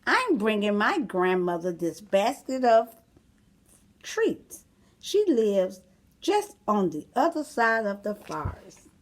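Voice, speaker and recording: A woman's voice: medium pitch, very animated, slow pace. A woman voicing a polite, trusting little girl in a storybook reading, sweet and earnest.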